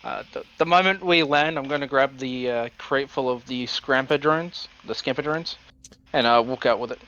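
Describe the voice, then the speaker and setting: A man at the table describes his character's moves, pausing on fillers and restarting. His tone is bright and forward. The sound is dull and lo-fi, as if from a cheap microphone. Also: medium pitch. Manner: hesitant, filler-heavy. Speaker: player. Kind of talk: playing a tabletop game.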